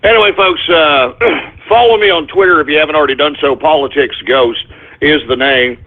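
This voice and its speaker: A man hosts his own talk radio show, rambling through a comic monologue and stopping now and then to scold his crew and his dog in exasperation. His voice is fairly high and brisk, and the audio is narrow-band and phone-like.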